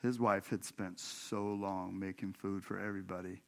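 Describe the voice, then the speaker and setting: In a church sanctuary, a pastor from Washington state, USA, tells a personal story during his sermon, chatting with the congregation directly and laughing often. His deep voice is flat and a bit bright, at a moderate pace.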